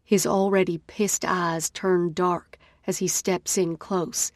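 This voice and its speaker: A woman narrating a first-person romance audiobook in an expressive, dramatic way. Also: lowish voice, slow, hardly any pauses, no room sound, studio quality.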